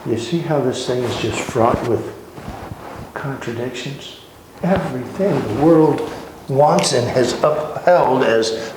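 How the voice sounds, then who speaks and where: Slow-talking male Bible teacher. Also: mid-range voice. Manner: conversational, dramatizing storyteller. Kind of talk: Bible study lesson. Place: church. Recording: very echoey room with noise.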